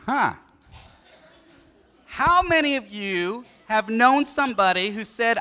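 Animated, bright-voiced male preacher. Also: very high-pitched, slow pace, pauses often. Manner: animated, storytelling, asks the congregation questions. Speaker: pastor. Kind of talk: sermon.

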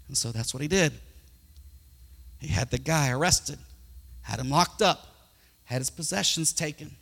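A male pastor preaches with emotive, dynamic storytelling. His voice is high and bright. A long hall reverb follows his words. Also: lively intonation, measured pace, gravelly, long pauses. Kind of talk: sermon.

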